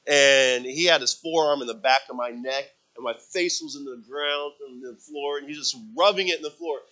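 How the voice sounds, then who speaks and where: A man preaching a sermon, telling stories with acted quotes and swinging from loud dramatic bursts to low, quiet asides. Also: normal speed, rough recording. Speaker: pastor.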